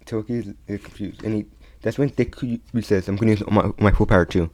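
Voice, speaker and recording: A young man telling a fan story in a loose, unscripted way. His voice sits a little low, and he keeps stopping, repeating words and starting over. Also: fairly even intonation, darkish tone. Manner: halting, many restarts and repeats. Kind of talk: casual retelling of a fan story.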